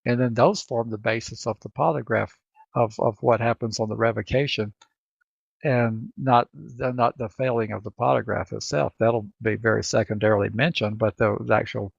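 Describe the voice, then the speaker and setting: A man with a Southern accent co-hosting a podcast, talking in a halting way and often repeating words as he thinks. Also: mid-range voice, steady tone, creaky, breathy edge, no echo. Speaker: co-host. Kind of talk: casual podcast chat. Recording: dry, dull lo-fi sound.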